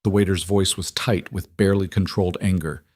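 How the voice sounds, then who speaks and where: Male narrator, deep-ish and dry, measured dramatic audiobook delivery. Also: fairly even intonation, darkish tone, dry recording.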